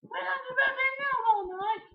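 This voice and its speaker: A man voicing a cheerful young princess in a high, sing-song voice, in a roomy, distant lo-fi recording. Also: measured pace, gravelly, full character voice. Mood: chirpy.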